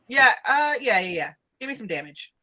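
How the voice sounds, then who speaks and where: A woman's voice: a little high, very animated, normal speed, a crowd in the background. A woman running a tabletop game as game master, narrating loosely with laughs and rambles.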